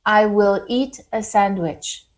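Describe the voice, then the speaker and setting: Slow-paced, encouraging woman teacher. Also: medium pitch, poor audio. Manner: encouraging, slow and deliberate, frequent praise. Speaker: French teacher. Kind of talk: classroom lesson, online class.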